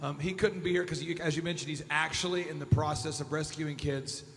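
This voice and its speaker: A man hosting a conference on stage, quick and emotional as he introduces the next segment. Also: on the high side, steady tone, a bit bright, long reverb tail, soft background music. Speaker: conference host. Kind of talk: live stage emceeing.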